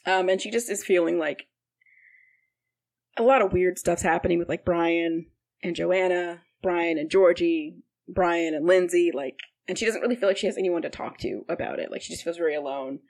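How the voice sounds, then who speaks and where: A woman's voice: fairly low pitch, moderate pace, vocal fry, a little mellow. A woman co-hosting a podcast, recapping a TV show in casual chat, rambling with lots of "like" and "um". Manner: rambling, full of "like" and "um" fillers. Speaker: podcast co-host.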